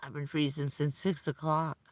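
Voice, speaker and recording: A woman's voice: low-pitched, level tone, normal speed, dry recording. A middle-aged woman chatting on a casual live stream, rambling and laughing often. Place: vehicle at night in the cold.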